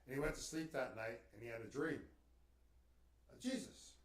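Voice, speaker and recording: A man's voice: medium pitch, fast talker. A man chatting casually as a guest about spiritual ideas. He rambles and keeps tagging his sentences with "right?". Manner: rambling, tags lines with "right?". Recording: roomy, distant mic.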